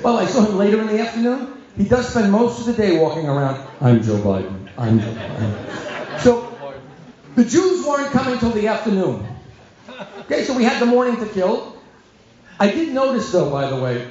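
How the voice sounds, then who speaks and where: Male rabbi storyteller, high and lively; comic timing, booming hall echo. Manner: animated, self-mocking, comic timing. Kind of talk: comic storytelling talk to an audience. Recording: echoey hall, dull sound.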